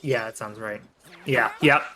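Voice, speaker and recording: A man's voice: lowish voice, measured pace, bright, forceful tone, a little hiss or hum, poor audio. A man doing casual live commentary on a speedrun, joking and rambling with lots of fillers. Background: game music.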